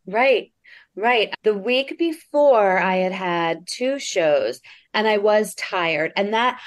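A woman comedian on a video call, telling a personal story in an animated way and acting out the quotes. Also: lowish voice. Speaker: comedian guest.

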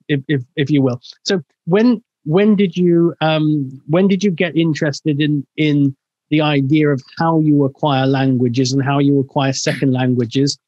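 A man's voice: on the high side, darkish tone, dry recording. A man hosting an interview, asking long, meandering questions with many fillers and restarts. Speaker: interview host. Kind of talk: conversational interview. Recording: dry, dull lo-fi sound.

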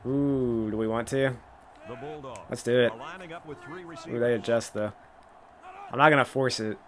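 An excitable man talks through his own video game plays in loose, casual commentary. He thinks aloud about each call and bursts out laughing at big moments, with a voice that cracks now and then. His pitch sits in an ordinary middle range. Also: measured pace. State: voice cracking, coughing. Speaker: gaming YouTuber playing a football video game.

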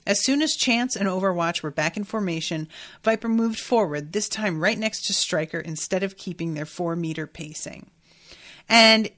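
An irreverent woman hosting a book podcast, moving between reading passages aloud and chatty, candid commentary. She swears freely and asks rhetorical questions of the characters, in a voice of ordinary middle pitch for a woman. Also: fairly bright tone. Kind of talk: casual chat mixed with read-aloud passages.

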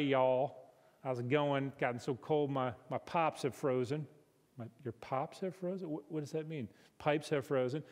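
A middle-aged man teaching at a church conference, animated and building to emphatic peaks. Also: mid-range voice. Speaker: conference speaker. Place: church hall. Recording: hall reverb.

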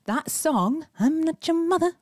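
A woman co-hosting a casual podcast, animated and jokey, calling people "mate". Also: high-pitched, a little slow, no room sound, studio quality. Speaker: podcast co-host. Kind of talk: casual chat.

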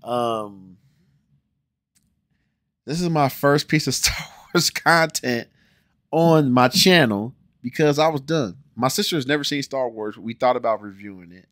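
40 yr old ohio guy ranting casually at his cam, gets loud then mumbles, dry close sound. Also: mid-range voice, measured pace, no room sound. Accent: American, Ohio. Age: 40s. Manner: animated, swings between loud exclamations and muttered asides. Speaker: YouTube host reacting to a music video. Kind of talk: casual reaction commentary.

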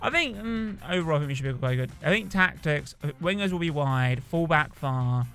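A young man chatting casually and excitably as he plays a rugby video game. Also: fairly high pitch, brisk, soft background music. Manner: chatty, excitable, cheers on his team. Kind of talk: casual gameplay commentary.

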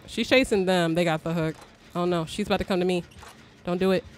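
A young woman streamer giving live gameplay commentary, excitable, swearing and shrieking when startled. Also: lowish voice, a little fast, a little hiss or hum.

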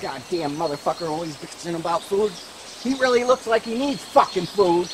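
A man's voice: sits high, normal speed, noisy background, natural voice. A man playing a foul-mouthed, short-tempered hunter grumbling in the woods. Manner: profane, grumbling.

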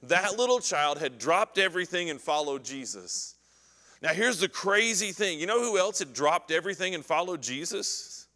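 A man teaching an adult Bible class, animated as he acts out scripture scenes and puts questions to the class. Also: high voice, moderate pace, big-room sound.

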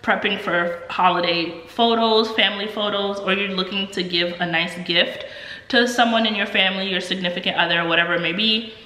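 A woman's voice: mid-range voice, steady tone, a little fast, sharp tone. Stuffy chatty woman in an echoey room. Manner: chatty, many ums and likes. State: stuffy, under the weather. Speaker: vlogger. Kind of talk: casual vlog chat.

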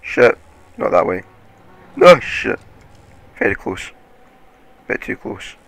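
A man giving casual, excitable game commentary, swearing often and laughing at his own play. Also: fairly low pitch, takes it slowly, vocal fry, slight background noise. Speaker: gaming commentator.

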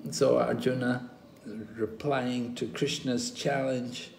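An older man teaching a scripture class, telling stories slowly and acting out the quoted dialogue. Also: mid-range voice, vocal fry. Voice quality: slow, animated storytelling, acting out quoted dialogue. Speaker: spiritual teacher. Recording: roomy echo, faint ambient noise.

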